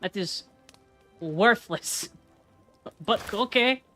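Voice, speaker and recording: A man's voice: sits high, animated, extremely slow, pushed and bright, faint music behind. A man giving casual, joking commentary to himself while streaming a card game. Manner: playful, jokey, talks to himself and the game.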